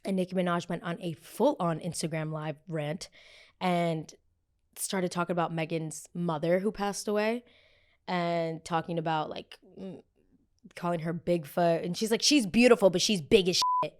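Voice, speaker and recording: A young woman hosting a pop culture podcast in a blunt, gossipy, animated chat style. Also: lowish voice, a little slow. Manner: animated, gossipy and blunt, with frequent quoted voices. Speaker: podcast host.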